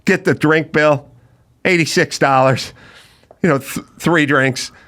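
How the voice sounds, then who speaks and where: A man's voice: on the high side, a little slow, a bit bright. A man telling a comedic story as a podcast guest, acting out the dialogue and swearing freely.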